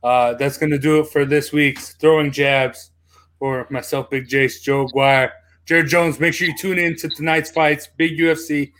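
A man with a slightly high voice hosts a casual podcast. He asks friendly questions, stumbling through fillers. He wraps up the show warmly. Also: fairly even intonation, normal speed. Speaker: podcast host.

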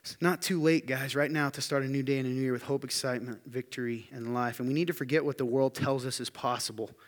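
A man's steady voice moves at a quick pace as he preaches in a church hall, the long reverb trailing his words. The pastor speaks emphatically, keeps asking the room rhetorical questions, and builds to a loud, high-pitched peak.

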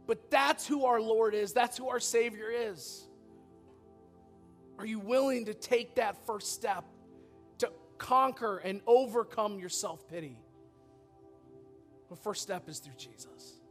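A man's voice: extremely high pitch, unhurried, faint music behind. A man preaching a sermon in a church as pastor, earnest and often repeating words as he goes.

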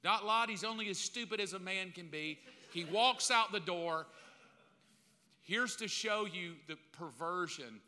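A man's voice: high voice, unhurried, sharp tone. A middle-aged man preaching a sermon, telling the story with humor and acting out the voices of a crowd. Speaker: pastor. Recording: long reverb of a large hall.

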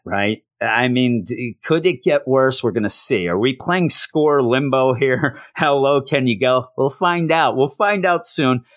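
A man's voice: mid-range voice, no room sound, clean studio sound. A man hosting a solo comics review podcast, talking in a sarcastic, rambling, jokey way.

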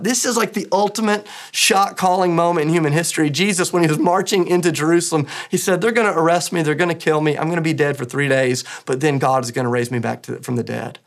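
A man's voice: a little high, fairly even intonation, fast. A man preaching an Easter sermon as pastor, earnest and emphatic, with rising bursts of emphasis.

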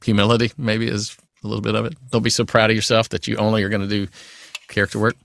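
A man, a voice actor guest in a casual interview, giving advice in a chatty, animated way with many asides. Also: fairly low pitch, fast, gravelly, dry recording, studio quality.

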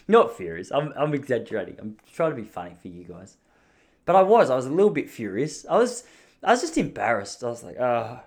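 A young Australian man, a podcast host, telling a comedic story in an animated, ranting, self-mocking way. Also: mid-range voice.

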